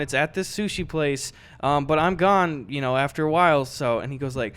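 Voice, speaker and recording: A man's voice: fairly high pitch, fairly quick, few pauses, smooth. A young man co-hosting a podcast, telling a story in casual chat and acting out the people in it. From United States. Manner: animated, acts out the people in his story. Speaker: podcast co-host.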